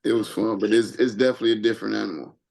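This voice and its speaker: A man's voice: lowish voice, steady tone, racing, gravelly, darkish tone. A man from Chicago, a hip hop artist guesting on a podcast, talking laid-back and ending lines with "man". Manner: laid-back, drops "man" at line ends. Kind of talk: casual chat.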